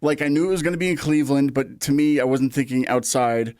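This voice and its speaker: Guy cohosting a podcast, rambly, keeps repeating himself, regular pitch. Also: fast talker, darkish tone, dry recording, clean studio sound. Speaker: podcast co-host. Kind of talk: casual chat.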